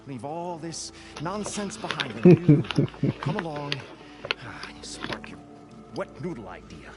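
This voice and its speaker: A grumbling money-minded partner in a video game, sardonic and sighing. His pitch swings widely at a slow pace, over loud game music. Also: big pitch swings.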